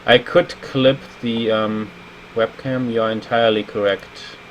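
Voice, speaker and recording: A man's voice: medium pitch, fairly even intonation, measured pace, poor audio. A man in his thirties streaming as a level designer, chatting casually and rambling while he reads viewer comments aloud. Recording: faint air-conditioning hum.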